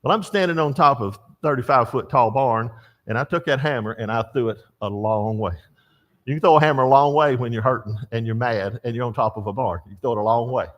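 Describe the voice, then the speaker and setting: A man's voice: medium pitch, quick pace, dull audio. An older man teaching a church Bible class, telling stories and asking the class questions. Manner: storytelling, animated, asks the class questions.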